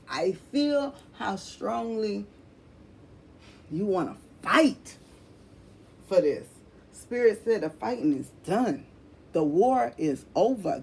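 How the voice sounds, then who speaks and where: A woman's voice: medium pitch, a little mellow, breathy edge. A woman giving a casual tarot reading, blunt and emphatic, swearing freely, repeating herself and calling the listener honey. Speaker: tarot reader.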